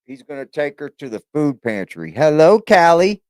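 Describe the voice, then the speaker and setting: Male reaction host, crude and teasing, lively swooping voice, slightly high. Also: normal speed, dry recording. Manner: crude, teasing, swings into loud whoops. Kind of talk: casual reaction commentary.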